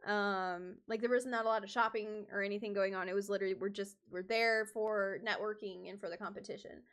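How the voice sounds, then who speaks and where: A woman's voice: medium pitch, fairly even intonation, fairly quick, fairly bright tone. A woman cosplayer chatting casually on her stream, rambling, with many fillers and restarts.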